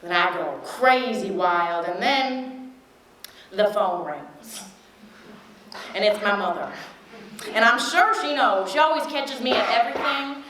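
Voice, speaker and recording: Young woman telling a frank, wry memory, slowly. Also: mid-range voice, crowd noise. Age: young adult. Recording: echoey room.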